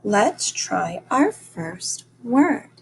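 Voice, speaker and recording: Woman teacher, children's phonics lesson, encouraging, unhurried, faint background hiss. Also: medium pitch, sing-song, creaky. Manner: slow, deliberate, encouraging, sounding out each phoneme.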